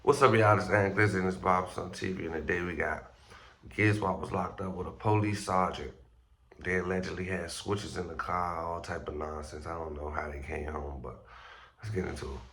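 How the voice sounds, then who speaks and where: Male blogger host, very low gravelly voice, casual and profane, a bit groggy from just waking up. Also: fairly even intonation, normal speed, a bit bright, slight background noise. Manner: loose, slangy and profane, with stumbles and restarts. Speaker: street news blogger host. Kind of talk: casual vlog commentary.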